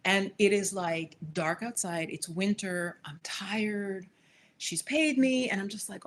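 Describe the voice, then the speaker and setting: A woman's voice: medium pitch, moderate pace, a bit bright. Chatty woman hosting a live stream. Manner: chatty, addresses viewers directly with frequent asides. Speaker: spiritual manifestation coach hosting a live stream. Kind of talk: casual live-stream storytelling to viewers.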